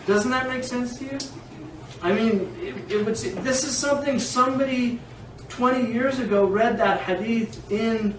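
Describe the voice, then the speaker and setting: An Islamic law teacher with a high voice gives an informal classroom lecture, animated and digressive, laughing often. The distant mic catches an echoey room and a faint hiss.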